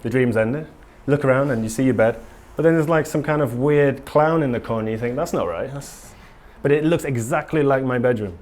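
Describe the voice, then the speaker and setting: A man's voice: medium pitch, fairly quick, hardly any pauses, a little mellow. A man giving a casual conference talk to a live audience in a conference room, earnest and rambling, with frequent ums and restarts. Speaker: conference speaker.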